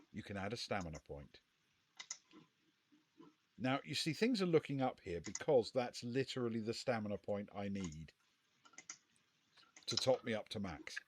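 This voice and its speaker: Wry, lively-voiced man reading a gamebook. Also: medium pitch, a little hiss or hum. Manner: dry, wry understatement. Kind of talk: casual live-stream gamebook play-through.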